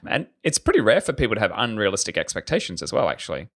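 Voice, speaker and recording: A man's voice: on the low side, animated, fast, few pauses, a bit bright. A man hosting a podcast interview, easygoing, asking long rambling questions. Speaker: podcast host.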